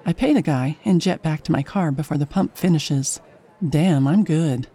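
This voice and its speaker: A woman's voice: low voice, moderate pace, mellow, husky. A woman narrating a first-person story in a chatty, wry, self-mocking way.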